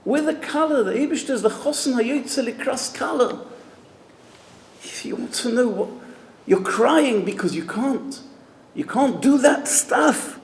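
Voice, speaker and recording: Gravelly rabbi giving an emphatic talk. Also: male voice, very high voice, lively intonation, measured pace, slight background noise. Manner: storytelling, emphatic. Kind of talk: sermon-style talk at an event. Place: event hall. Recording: echoey hall with long reverb.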